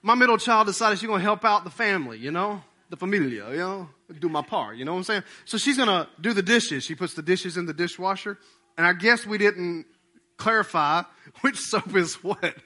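A man's voice: sits high, a little fast, pushed and bright. A male pastor preaching a conversational sermon to his congregation, often checking in with questions. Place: church sanctuary with congregation.

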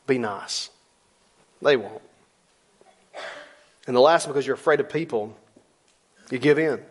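A middle-aged male pastor preaching a sermon in a church, emphatic and conversational, repeating lines and slowing down low on key words. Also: breathy edge. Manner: rises loud for emphasis, drops low and slow on key words.

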